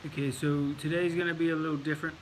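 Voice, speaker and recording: A man's voice: a little high, little pitch movement, quick pace, a little hiss or hum, rough recording. A man telling a casual story to camera in a put-on English accent, rambling with fillers and repeated words. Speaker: vlogger.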